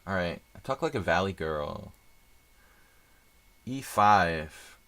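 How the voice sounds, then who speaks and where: A man's voice: low-pitched, animated, slow pace, vocal fry, a bit bright. A man doing live chess stream commentary, chatty and thinking aloud with rambling asides.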